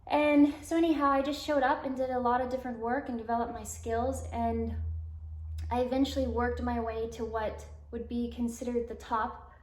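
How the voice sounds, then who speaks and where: Guest, woman in her twenties from Alabama, higher voice, rambling storyteller, echoey room. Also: flat delivery, moderate pace, a little mellow. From Alabama, US South. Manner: rambling, lots of "like", acts out quoted dialogue. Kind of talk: personal storytelling interview.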